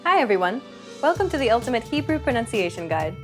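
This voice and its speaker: A woman's voice: fairly high pitch, sing-song, fast, over music. Upbeat woman narrating a language lesson. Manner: upbeat, clear instructional delivery. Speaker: language teacher.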